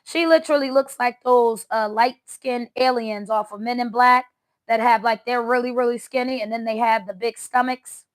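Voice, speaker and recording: A woman's voice: on the high side, fairly even intonation, moderate pace, echoey room. A woman doing a casual tarot reading for viewers, talking in a blunt, mocking, sassy way. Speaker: tarot reader.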